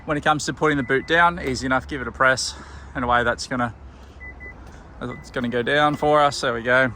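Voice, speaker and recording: An Australian man working as a car salesman talks through a vehicle tour in an easy, matter-of-fact way. His voice is bright and forward at a middling pitch. He is recorded on a camera mic around and inside a car, with a faint hum of outdoor noise behind him. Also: brisk. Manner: relaxed, plain-spoken, pointing things out as he goes. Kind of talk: walkaround car video tour.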